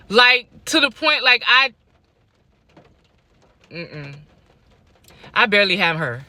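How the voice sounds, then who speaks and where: A young woman tells her own story for a vlog audience, animated and emphatic, repeating phrases to drive them home. Her voice is very bright and sharp, sitting at an ordinary pitch for a woman. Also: slow pace, long pauses, no echo. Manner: animated, emphatic repeats, laughs between lines.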